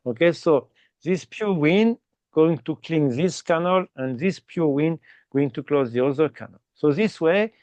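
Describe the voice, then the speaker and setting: A man teaching meditation in slow, simple English with small grammar slips, checking in often with "okay?". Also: on the high side, expressive, a little mellow, no echo, muffled recording. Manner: explains slowly and repeatedly, ending phrases with "okay?". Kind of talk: guided meditation instruction.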